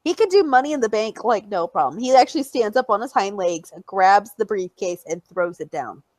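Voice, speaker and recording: A young woman co-hosting a podcast in casual chat, animated and fond of mimicking voices in squeals and coos. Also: mid-range voice, brisk, no echo. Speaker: podcast co-host.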